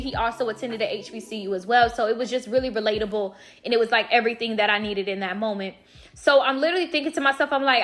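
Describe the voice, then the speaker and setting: A young woman from Florida talks straight to her viewers, chatty and animated, and she often calls them y'all. Her voice sits a little high and sounds bright and forward. Faint music plays softly behind her. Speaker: vlogger. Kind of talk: casual storytime.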